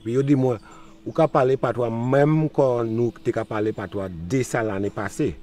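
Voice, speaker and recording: A man's voice: mid-range voice, moderate pace, a little mellow. An older man with a Trinidadian accent, being interviewed outdoors, switching between patois and English and repeating himself. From Trinidad and Tobago. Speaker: local interviewee. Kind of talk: casual interview. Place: outdoors in a village.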